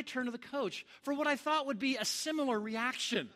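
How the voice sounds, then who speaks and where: A man delivers a sermon in a high, bright voice. He tells his stories with animated energy and acts out the lines of the people in them. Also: brisk. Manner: animated storyteller, acts out shouts and quotes. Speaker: pastor. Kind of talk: sermon with storytelling.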